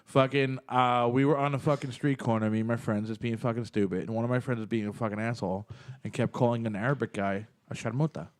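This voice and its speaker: A man hosting a podcast who tells stories in a loose, animated way, swearing constantly. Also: mid-range voice, quick pace. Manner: profane, animated street storytelling. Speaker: podcast host. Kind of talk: casual podcast chat.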